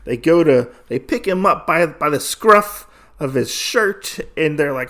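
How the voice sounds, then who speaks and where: A man's voice: on the high side, lively intonation, fairly bright tone. A man hosting a podcast, recapping a comic book in a casual, rambling way, full of fillers and restarts. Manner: acts out characters' lines in quick voices. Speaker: podcast host.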